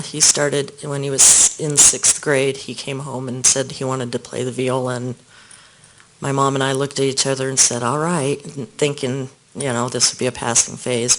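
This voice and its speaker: A man testifying as a witness in a courtroom, speaking softly and haltingly with small restarts. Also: medium pitch, low-quality recording.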